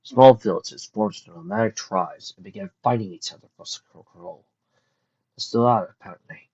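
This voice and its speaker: A woman voicing a calm, protective father pony in a storybook reading. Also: rumbling low, slightly rough, lo-fi sound, exaggerated voice. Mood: solemn. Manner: soft, soothing, measured.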